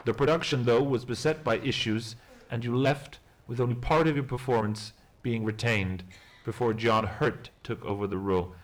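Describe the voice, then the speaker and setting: A man interviewing an actor in a mock interview, asking questions in a measured, formal way. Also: medium pitch, slight background noise.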